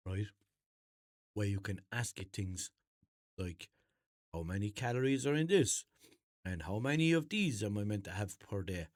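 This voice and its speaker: A man's voice: fairly low pitch, no echo, clean studio sound. A young Irish man hosting a comedy podcast, rambling through an unscripted bit in a jokey, mock-serious way. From Ireland. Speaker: podcast host.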